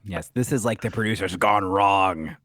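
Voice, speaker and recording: A man's voice: lowish voice, moderate pace, fairly bright tone, dry recording. A male podcast co-host reacting in casual chat with theatrical gasps and sassy quips.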